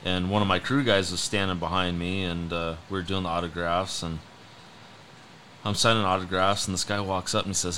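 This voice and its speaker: A race boat driver telling stories in a casual chat, animated and full of fillers. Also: male voice, low voice, a little fast, slight background noise. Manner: animated storyteller, many fillers. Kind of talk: casual storytelling.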